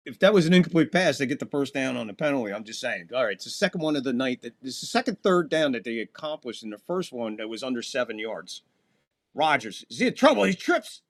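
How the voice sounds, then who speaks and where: A man with a mid-range voice hosts live fan commentary, calling football play-by-play. He's casual and chatty, talking to chat between plays, and his voice rises sharply on big plays.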